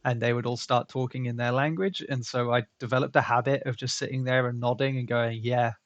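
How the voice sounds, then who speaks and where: A man's voice: mid-range voice, fairly even intonation, brisk, dry recording, highs cut off. A man hosting a drawing stream, chatting casually and joking. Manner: chatty, joking, laughs often. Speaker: stream host.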